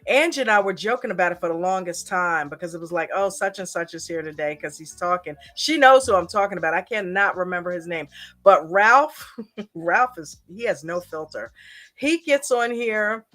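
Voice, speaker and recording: A woman's voice: mid-range voice, animated, moderate pace, a bit bright. A woman co-hosting a casual online chat, telling stories animatedly and laughing often. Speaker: co-host. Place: online call.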